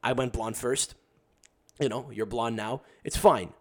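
Young male podcast guest, mid-pitched, casual and profane, tells anecdotes and does quick voices of others. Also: steady tone. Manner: profane, rambling storyteller.

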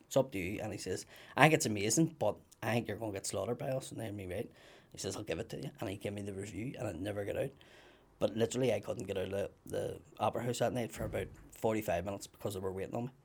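A man's voice: lowish voice, quick pace. A man, a comedian telling stories in casual chat and acting out other people's voices. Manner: animated anecdotes, acts out voices loudly.

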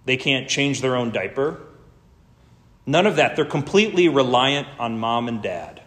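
A man's voice: medium pitch, animated, a little slow, fairly bright tone. A man preaching a sermon in an earnest, emphatic way, building lists and drawing out key words. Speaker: pastor.

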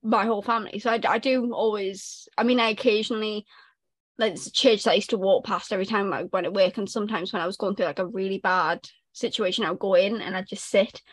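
A woman's voice: mid-range voice, fairly even intonation, quick pace, no echo. A young woman co-hosting a podcast, her mid-range voice recorded dry and close. She chats casually and candidly, laughing easily as she talks. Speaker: podcast co-host. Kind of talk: casual chat.

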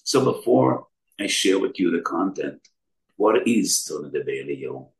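A man's voice: sits low, very animated, unhurried, creaky, roomy sound, a little hiss or hum, low-quality recording. A man giving an emphatic Torah sermon in English, weaving in Hebrew terms and asking rhetorical questions. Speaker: rabbi giving a Torah talk.

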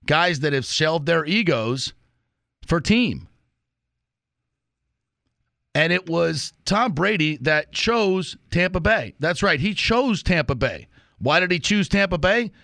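A man's voice: fairly high pitch, animated, slow pace, gravelly, pauses often, fairly bright tone, no echo, studio quality. A man hosting a sports talk show, delivering an emphatic monologue with punchy repetition. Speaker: sports radio host.

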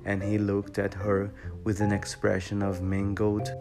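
A man reading a classic novel aloud as audiobook narration, steady and even. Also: fairly low pitch, measured pace. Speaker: audiobook reader. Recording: guitar music behind voice.

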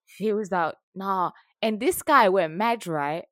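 A woman's voice: medium pitch, slow pace, no room sound. Young woman in her 20s, casual podcast chat, dry sound, swears a lot. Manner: animated storytelling, frank and sweary.

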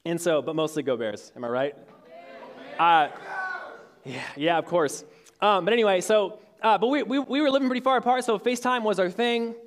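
In a church hall before an audience, a youth speaker in his twenties preaches casually to young adults, his voice high and his pace moderate. He tells a story, stumbling through plenty of fillers and restarts.

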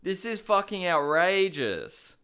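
A man's voice: high-pitched, very animated, takes it slowly, sharp tone, clear, resonant tone. A young man giving a heated, incredulous rant on fighting news, swearing often. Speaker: MMA commentator. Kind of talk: ranting commentary to camera.

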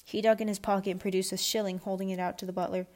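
A woman reading a children's chapter book aloud at a steady pace, with small restarts. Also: medium pitch, racing. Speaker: audiobook reader. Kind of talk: storybook read-aloud.

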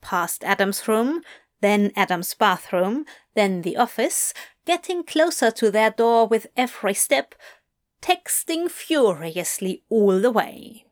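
A woman narrating a romance story in an unhurried, expressive reading voice. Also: medium pitch. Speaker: story reader. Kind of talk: audiobook narration of fan fiction.

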